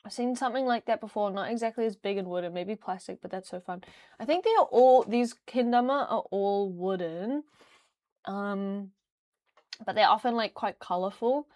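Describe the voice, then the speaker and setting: A young woman streams and chats casually, rambling from thought to thought with plenty of fillers. Her voice sits in a middle pitch. It is recorded close on a desk mic, dry with no room sound. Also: moderate pace, a little mellow, no room sound. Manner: rambling, chatty, frequent fillers and laughs. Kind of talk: casual livestream chat.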